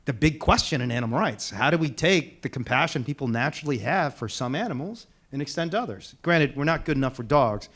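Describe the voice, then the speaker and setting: A man speaking on a panel as an animal rights activist, animated and laughing as he tells stories. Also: mid-range voice. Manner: animated, fast, laughing storyteller. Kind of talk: casual panel talk.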